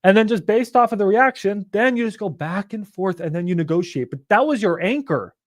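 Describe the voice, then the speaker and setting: A man coaching in a casual, animated and profane way, acting out phone calls with sellers. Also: high voice, brisk, no echo, clean studio sound. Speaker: real estate investing coach.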